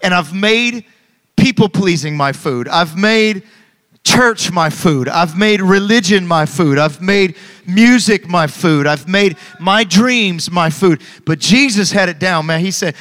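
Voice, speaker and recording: Energetic man in his thirties preaching. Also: high voice, measured pace, long reverb tail. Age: 30s. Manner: energetic, calls for congregation responses. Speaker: pastor. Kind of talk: sermon. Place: church hall with congregation.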